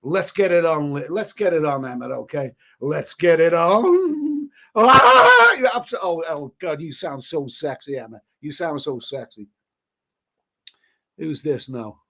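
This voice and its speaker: A man's voice: on the high side, animated, moderate pace, vocal fry, fairly bright tone. A middle-aged man hosting a casual live stream, sniffling with hay fever, blunt and crude, swearing freely and stammering as he reads viewer comments. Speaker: YouTube host reading live chat.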